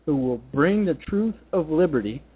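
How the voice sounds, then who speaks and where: A man with a slightly high, husky, expressive voice hosts a political talk radio show, delivering a combative, ranting monologue at a normal speed. The audio has a tinny, phone-line sound.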